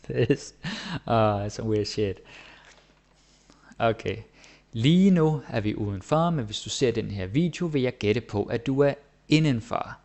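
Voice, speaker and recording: Gravelly man explaining casually. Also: lowish voice. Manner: relaxed, chatty, often asks "right?". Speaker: Danish language teacher.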